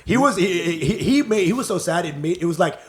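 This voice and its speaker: A man hosting a comedy podcast with a slightly high voice that swings up and down as he jokes. He tells crude stories in loose banter and laughs often along the way. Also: animated, fairly quick. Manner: crude, joking storyteller who laughs often. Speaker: podcast co-host.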